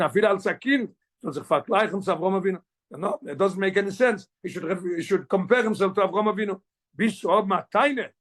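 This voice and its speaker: A man, a rabbi, teaching a Torah class, explaining the text quickly and switching languages mid-sentence. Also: high-pitched. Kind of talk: Torah class, mixing English and Yiddish.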